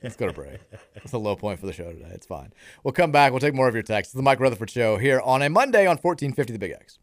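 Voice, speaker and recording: A man's voice: medium pitch, very animated, quick pace, dry recording, clean studio sound. A man hosting a sports talk radio show, laying out scenarios and poking fun at himself. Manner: self-deprecating, analytical. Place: radio studio. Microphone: studio microphone.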